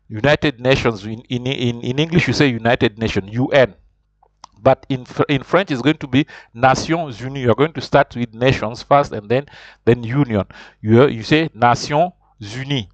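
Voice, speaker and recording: A man's voice: mid-range voice, no room sound. A man teaching beginner French in an informal online lesson, explaining patiently and circling back to rephrase himself. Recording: dull lo-fi voice recording.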